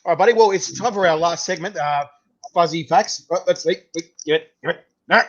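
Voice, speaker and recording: A man's voice: on the high side, a little fast, a bit bright. Chatty Australian man, muffled sound. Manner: laid-back, chatty, many "mate"s and restarts. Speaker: host. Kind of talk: casual chat with a guest.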